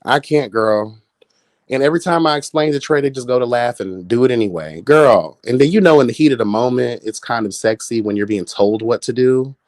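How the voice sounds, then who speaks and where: A man in his late thirties hosting a livestream, chatting with viewers in a sassy, campy, animated way. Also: mid-range voice, a little fast, dry recording, studio quality. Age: 30s. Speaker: livestream host. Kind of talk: casual chat with viewers.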